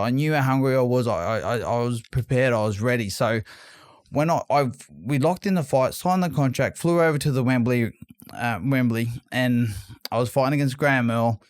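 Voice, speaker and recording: A man's voice: mid-range voice, no room sound, clean studio sound. A man from Australia, a former boxer, telling stories in a casual interview, repeating words and restarting often. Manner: rambling, repeats words and restarts, animated retelling. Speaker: guest, former boxing world champion.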